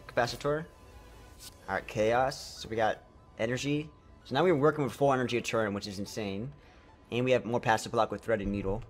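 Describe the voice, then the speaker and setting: A man streaming gameplay live, chatting to viewers excitedly and tripping over his words as he plays. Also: medium pitch. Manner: excitable, talks to chat, trips over words. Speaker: game streamer.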